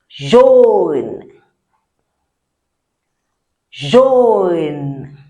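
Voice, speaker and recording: A woman leads a French language lesson, drilling each word several times so listeners can repeat it. She speaks very slowly and deliberately, and her pitch swings up and down with a lively, sing-song lift. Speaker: French teacher.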